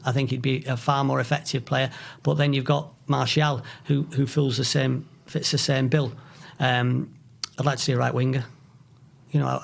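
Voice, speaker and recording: Gravelly-voiced man, halting. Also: medium pitch. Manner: halting, many restarts, opinionated. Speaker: guest, football author. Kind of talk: casual podcast chat.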